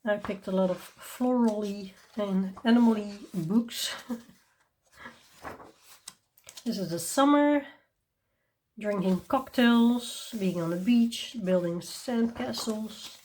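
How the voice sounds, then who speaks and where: A woman's voice: medium pitch, slow, pauses often, darkish tone, a little hiss or hum. A woman hosting her coloring channel, presenting books in a chatty, enthusiastic way, with many ums and small laughs. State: tired and yawning. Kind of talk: casual show-and-tell review.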